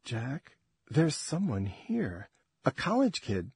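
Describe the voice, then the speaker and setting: A man's voice: mid-range voice, wildly swooping pitch, slow pace, gravelly, a little mellow, husky, no room sound, studio quality, full character voice. A man voicing a middle-aged wife on the phone who talks sharply and with raised demands.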